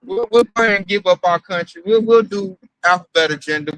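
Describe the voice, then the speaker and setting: Bright high-voiced preaching man. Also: fast talker, hardly any pauses, no echo, rough recording. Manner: emphatic, profane, mocking. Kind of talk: preaching commentary, casual.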